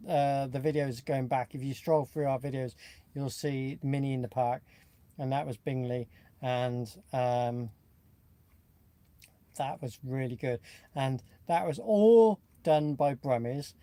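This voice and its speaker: A chatty man from Nottingham co-hosts a casual livestream. His voice is mellow and relaxed, and he rambles easily from story to story. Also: medium pitch, takes it slowly, no room sound. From England (Nottingham). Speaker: co-host.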